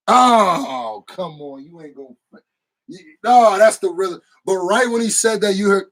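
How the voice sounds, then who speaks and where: High-voiced, excitable man reviewing a film. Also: a little slow, rough recording. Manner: animated, slangy, bursts of shouting and laughter. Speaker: movie reviewer. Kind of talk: excited casual movie review.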